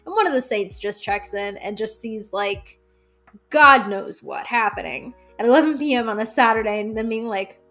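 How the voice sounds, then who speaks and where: A woman talking as a podcast guest, telling candid stories in an animated way, laughing and acting out the voices she quotes. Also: a little high, moderate pace, faint music behind. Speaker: guest, folk magic practitioner.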